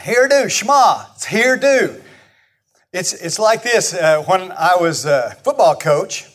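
A man's voice: high-pitched, expressive, slow, a bit bright. A man with a Texan accent preaching a sermon, folksy and emphatic, leading the congregation to repeat words after him. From Texas. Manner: folksy, emphatic repetition, leads the congregation in call-and-response. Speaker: pastor.

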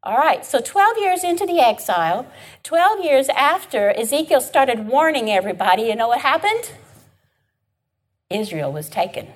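High, lively, breathy woman teaching. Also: normal speed. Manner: chatty, emphatic, checks in with listeners. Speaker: Bible study teacher. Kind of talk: informal Bible class teaching.

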